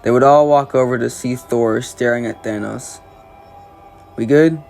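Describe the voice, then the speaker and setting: A man narrating a fan retelling of a superhero story in steady play-by-play fashion. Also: mid-range voice, normal speed, vocal fry, faint music behind.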